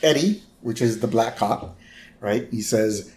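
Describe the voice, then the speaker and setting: A man's voice: fairly low pitch, unhurried, darkish tone. A man co-hosting a podcast, casually retelling a cartoon episode scene by scene and tossing in quoted lines. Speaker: podcast co-host.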